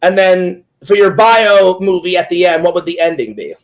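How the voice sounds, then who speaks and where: A man with a high-pitched voice hosts a loose, casual interview. He jokes around and drifts into long rambling stories in an easygoing chat tone. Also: moderate pace, poor audio. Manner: rambling, playful storyteller, joking. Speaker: interview host, Twitch streamer.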